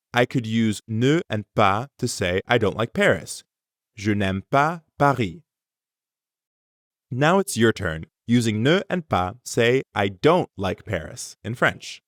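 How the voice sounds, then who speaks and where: A man leads a language lesson at an easy, slow pace. His voice moves lively up and down as he spells out sounds carefully for learners. The recording is dry and close, with no room around him. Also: lowish voice, no echo. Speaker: language teacher. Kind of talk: scripted lesson narration.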